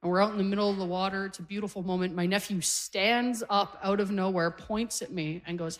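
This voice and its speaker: A woman's voice: medium pitch, steady tone, brisk, hardly any pauses. A woman in her forties from Canada doing a stand-up set on a club stage, chatty and self-deprecating, often laughing through her punchlines. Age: 40s. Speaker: stand-up comedian.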